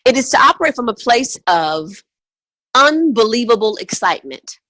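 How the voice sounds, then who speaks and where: A woman's voice: a little high, sing-song, normal speed, bright, forceful tone, no echo. A woman teaching as a money mindset coach on a call, emphatic and fond of repeating words for stress. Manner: emphatic, repetitive, chant-like stresses.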